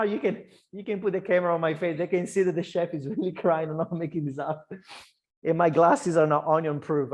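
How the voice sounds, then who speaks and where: Italian-accented chef teaching an online class. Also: male voice, on the high side. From Italy. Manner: chatty, loose, lots of restarts and fillers. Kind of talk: online cooking class demonstration. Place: kitchen.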